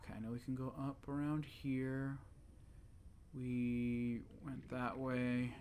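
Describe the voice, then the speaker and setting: Excitable gamer talking to themself. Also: medium pitch, unhurried, slight background noise. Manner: talks to self, excitable, exasperated. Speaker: let's play gamer. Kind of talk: casual game commentary.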